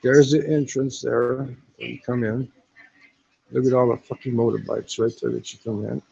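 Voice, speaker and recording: A laid-back man live-streaming a walk through a hostel on his phone, swearing freely and tagging "man" onto his sentences. His voice is husky, gravelly and mellow. The audio is lo-fi phone sound. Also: mid-range voice, little pitch movement, moderate pace. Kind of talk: casual live-stream walkaround. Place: hostel in Thailand. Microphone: phone camera.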